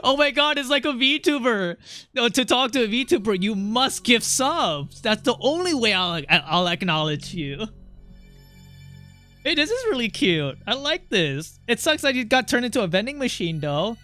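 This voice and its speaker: High, bright-voiced excitable male streamer. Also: moderate pace, faint music behind. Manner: excitable, swears, reads game text aloud. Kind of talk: casual gameplay commentary.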